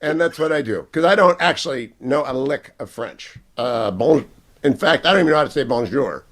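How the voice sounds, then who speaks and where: A man's voice: mid-range voice, animated, brisk, a bit bright. Playful talk show host man. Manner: playful, joking, rambling. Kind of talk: casual broadcast banter. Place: hotel room.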